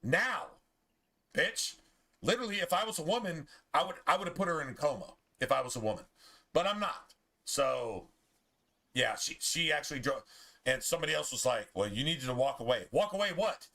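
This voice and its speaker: A man's voice: fairly high pitch, very animated, a little fast, pushed and bright. A man streaming a game, telling a heated, profane story in casual chat. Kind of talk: ranting chat over gameplay.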